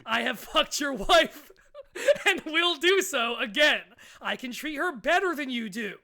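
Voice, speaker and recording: Over-the-top news reporter, put on by the host; grandiose, mock-menacing, high bright tone. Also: animated, unhurried, creaky, full character voice.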